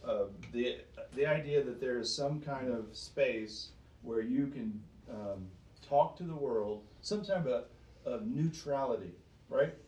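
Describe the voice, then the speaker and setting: This man's voice is mid-range and a little mellow, and he takes his time as he preaches to a small group. Emphatic and fond of rhetorical questions, he repeats himself often, heard from a distance in a roomy recording.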